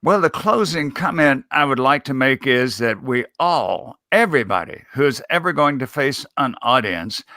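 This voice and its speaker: Casting: male speech coach guest, bright forceful voice, emphatic and measured, close dry recording. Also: mid-range voice, dry recording. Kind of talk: interview answers.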